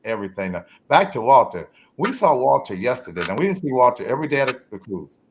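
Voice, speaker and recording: Lively, animated male podcast host. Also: mid-range voice, fast talker, slight background noise. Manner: lively, animated, laughs often, shouts out listeners. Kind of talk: casual interview chat.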